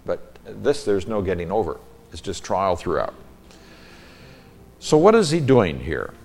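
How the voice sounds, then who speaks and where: Male Bible teacher, lowish voice, reads scripture with emphasis, then explains the Hebrew. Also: wildly swooping pitch, measured pace, vocal fry, a little mellow, a little hiss or hum.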